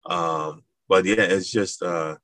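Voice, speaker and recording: Man, middle-aged, from Madison Wisconsin, deep voice, dry sound, casual storytelling guest. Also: takes it slowly, dry recording. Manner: animated, acts out voices in his stories, laughs. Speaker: guest, school founder.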